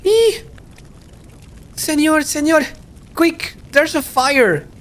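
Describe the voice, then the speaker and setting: A man doing little scared kids, high and squeaky. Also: big pitch swings, slow pace, heavily acted. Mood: panicked. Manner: childlike, high squeaky put-on voice. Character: small scared curious kids, high and eager.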